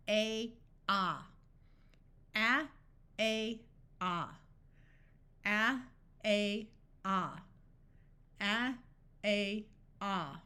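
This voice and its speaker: Female phonics tutor: slow, measured delivery, bright tone, precise enunciation for young readers. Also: on the high side. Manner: slow, deliberate enunciation of sounds and words. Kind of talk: scripted phonics lesson.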